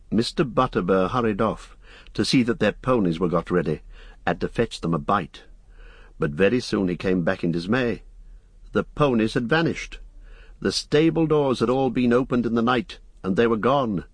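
A male audiobook narrator with a low, husky voice reads in a measured, even manner. The recording is dry and close, with no room sound. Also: no echo. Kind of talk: scripted narration.

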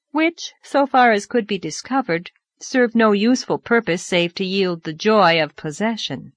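A woman narrating a classic novel aloud in a measured, expressive storytelling voice. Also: medium pitch, dry recording. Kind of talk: audiobook narration.

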